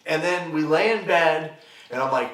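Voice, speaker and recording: A young man, a podcast guest, telling a story in casual chat, animated and swearing freely as he acts out what people said. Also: on the high side, normal speed. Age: young adult. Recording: roomy, distant mic.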